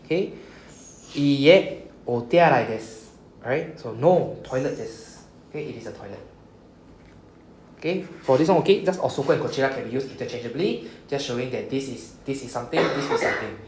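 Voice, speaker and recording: Speaking fast and with animation, this man's medium-pitched, slightly mellow voice carries a Singaporean English accent as he teaches beginner Japanese in an echoey classroom with faint background hum. He's patient in his explanations, often asking "okay?" or "right?"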